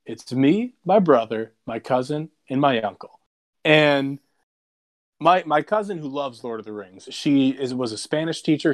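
Young guy on a podcast, voice jumping all over, swears a lot, big dramatic storyteller. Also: medium pitch. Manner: animated, profane, dramatic storytelling. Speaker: podcast co-host. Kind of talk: casual chat, storytelling.

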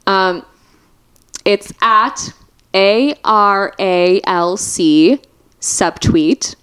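A woman's voice: medium pitch, drawn-out words, a bit bright, clean tone. A woman guesting on a podcast, chatting casually in a playful, jokey way and laughing often. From Canada. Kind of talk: casual chat.

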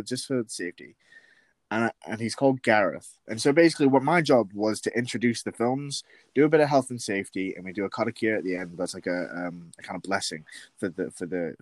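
A man's voice: on the low side, no echo. Rambling young West Yorkshire man. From West Yorkshire, England. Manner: rambling, many fillers and laughs. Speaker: podcast host. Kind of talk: casual storytelling chat.

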